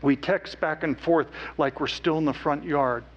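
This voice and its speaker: A man's voice: a little high, normal speed, dull audio. Earnest man telling a story. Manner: earnest, with quiet hushed stretches. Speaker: speaker. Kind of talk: emotional storytelling talk.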